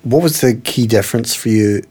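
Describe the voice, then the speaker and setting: A man hosting a podcast interview, asking questions in a halting, conversational way full of fillers. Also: mid-range voice, a little mellow, breathy edge. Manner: hesitant, many fillers and backchannels.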